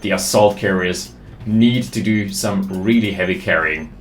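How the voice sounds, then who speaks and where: A man giving live, excitable commentary on a strategy game, thinking aloud as he goes. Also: sits low, unhurried, echoey room, a little hiss or hum. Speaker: game caster.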